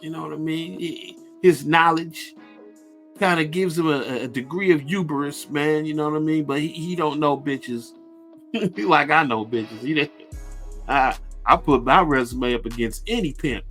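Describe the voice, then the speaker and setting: Crude, boastful male radio host, higher voice. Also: fairly bright tone, soft background music. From Ohio. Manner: laid-back, crude and boastful, with halting restarts. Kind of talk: casual profane storytelling.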